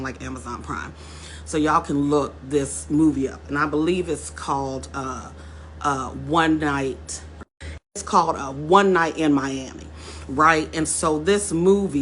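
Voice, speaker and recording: A woman's voice: sits low, a little hiss or hum. A woman telling a story straight to her viewers in a casual vlog, calling them y'all, repeating words as she goes and building to emphatic points. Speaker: vlogger. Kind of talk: casual direct-to-camera storytelling.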